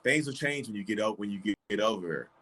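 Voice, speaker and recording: Guy hosting a live chat, low voice, jumps into silly voices and laughs a lot. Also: fast. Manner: animated, acts out quotes, laughs often. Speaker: host. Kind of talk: casual live-stream chat.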